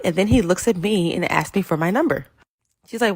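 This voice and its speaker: A woman's voice: mid-range voice, animated, brisk, husky. A young woman narrating first-person stories in a dramatic way, acting out other people's voices. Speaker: storyteller.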